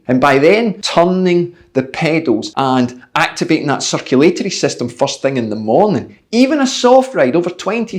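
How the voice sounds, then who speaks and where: A man's voice: fairly high pitch, darkish tone. A man with a Scottish accent, a cycling coach giving blunt, jokey, motivational training tips to camera and swearing now and then. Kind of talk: direct-to-camera training video.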